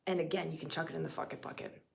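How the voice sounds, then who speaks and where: A woman leading a spiritual teaching session live, swinging from loud, emphatic, profane lines to hushed whispers and repeating phrases for effect. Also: low voice, steady tone, racing, vocal fry. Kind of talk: impassioned spiritual teaching on a livestream.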